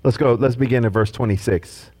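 A man preaching a sermon as pastor, animated and acting out the voices he quotes. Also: mid-range voice, fairly quick, slightly rough.

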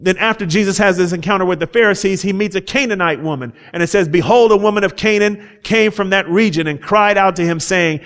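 A man's voice: high voice, a little fast, a bit bright. A man preaching a sermon, reading scripture aloud and explaining it with rising fervor. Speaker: pastor.

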